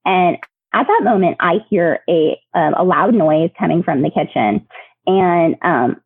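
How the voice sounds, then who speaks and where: A woman's voice: on the low side, animated, measured pace, breathy edge, no room sound. A woman in her thirties, a podcast guest telling personal stories in a chatty way, full of fillers and frequent laughs. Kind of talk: personal storytelling. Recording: tinny phone-line audio, dry.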